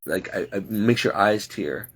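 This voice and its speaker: A man's voice: fairly low pitch, lively intonation, measured pace, breathy edge. A man, a home caregiver, rambling and exasperated as he vents in a late-night vlog. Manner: talking to himself, restless and frustrated.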